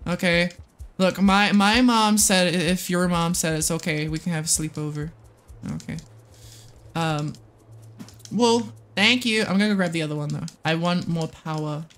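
A woman from the United States streaming a game live, excitable and swearing often, muttering under her breath and then breaking into squealing shrieks. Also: on the low side, normal speed. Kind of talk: live gameplay commentary.

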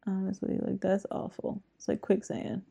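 A young woman hosting a movie reaction, talking quietly and close to a whisper with wry quips. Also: medium pitch, monotone, normal speed, gravelly, husky, muffled recording. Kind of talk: hushed movie reaction chat.

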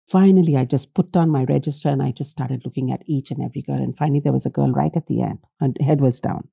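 A woman's voice: a bass voice, fast, vocal fry, few pauses, breathy edge. A middle-aged woman, telling a personal story as an academic guest in an interview and acting out the dialogue. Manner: animated, acts out quoted dialogue.

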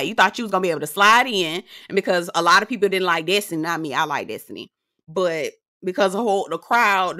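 A sassy woman dishes on a reality show in a casual recap, laughing as she talks and calling her listener girl. Her voice is bright and swoops around a lot. The sound is dry and close. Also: medium pitch, no echo. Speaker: TV recap host.

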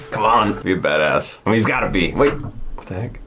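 A man co-hosts a casual movie reaction, animated and quick to swear when surprised. His voice moves a lot in pitch. A faint noise runs behind him. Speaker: co-host of a movie reaction channel.

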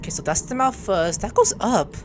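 A man's voice: high voice, expressive, a little fast, background noise. A man doing let's play commentary, exclaiming and swearing at what happens on screen. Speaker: gaming YouTuber.

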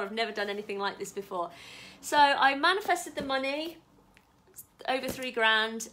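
Excitable woman, bright voice. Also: medium pitch, slight background noise. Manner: excitable, chatty, swears casually. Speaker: vlogger. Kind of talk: casual live-stream chat. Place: home.

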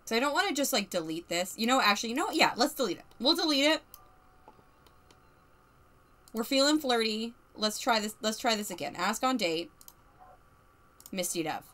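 A woman's voice: a little high, animated, brisk, a bit bright. A woman streamer giving chatty, casual commentary as she plays a life-simulation game, narrating what the characters feel and laughing often.

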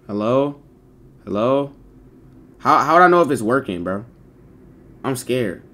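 Male streamer, casual live chat, heavy slang and cursing, middle-pitched voice. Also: lively intonation, a little slow, pushed and bright. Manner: slangy, swearing, rambling talk to chat. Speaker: livestreamer.

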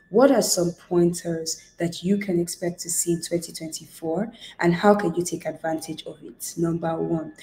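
A woman giving a leadership coaching talk in a fairly low voice. She speaks emphatically, stacks her points in lists and repetitions, and asks the listener direct questions. The sound is echoey, as in a bare room. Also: dark tone. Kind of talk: motivational talk to camera.

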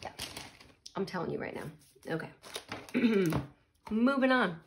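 A woman's voice: mid-range voice, animated, slow, gravelly, background noise. A woman chatting casually while tasting snacks, murmuring and laughing as she eats. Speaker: snack reviewer.

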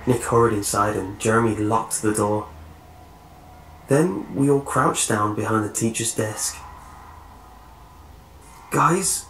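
A man's voice: fairly low pitch, steady tone, a little slow, fairly bright tone. Male horror story narrator, echoey. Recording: roomy echo, faint hiss.

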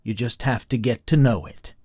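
A man's voice: medium pitch, normal speed, darkish tone, dry recording, studio quality, voice pushed up, natural voice. A man doing Kyle, a wisecracking ex-cop detective. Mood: wry. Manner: joking, prodding.

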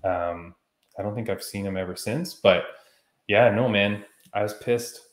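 A man with a fairly low voice tells a story on a podcast with rising heat and animation. His voice carries a noticeable echo from the room around him. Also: measured pace. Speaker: podcast co-host. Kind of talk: casual chat.

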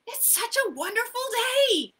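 A woman's voice: very high-pitched, big pitch swings, moderate pace, pushed and bright, voice pushed up, exaggerated voice. A woman voicing a cheerful, puzzled marabou stork in a storybook reading.

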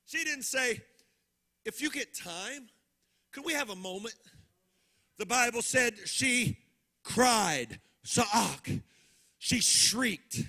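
A male pastor preaching a live sermon with passion, rising into shouts and a sung preaching cadence. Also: very high voice, animated, slow pace, long pauses.

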